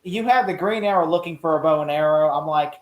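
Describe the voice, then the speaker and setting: Excitable man in an echoey room. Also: fast, dull audio. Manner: excitable, laughs often, acts out scenes in high voices. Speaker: podcast co-host. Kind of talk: casual chat.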